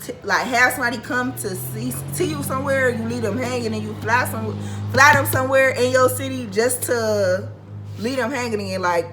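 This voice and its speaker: A young woman vlogger telling a storytime, animated, profane and venting. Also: a little high, normal speed, music in the background, rough recording. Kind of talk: storytime vlog.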